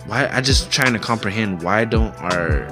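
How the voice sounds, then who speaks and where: A man's voice: lowish voice, expressive, moderate pace. A man hosting a reaction video, talking back to a clip in an incredulous, emphatic way and swearing heavily. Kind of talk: profane reaction commentary. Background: background music.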